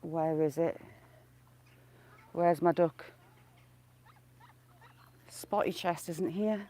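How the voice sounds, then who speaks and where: A woman's voice: lowish voice, steady tone, extremely slow, pauses often, dark tone. A woman chatting casually outdoors by a lake, talking to herself and calling out fondly to the ducks as she walks. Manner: chatty, coos and calls out to the ducks. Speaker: vlogger. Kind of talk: casual walk-and-talk commentary.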